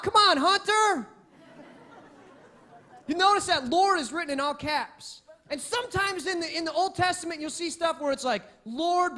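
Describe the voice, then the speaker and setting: High-voiced male pastor preaching. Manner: lively, conversational preaching with frequent restarts. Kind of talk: sermon.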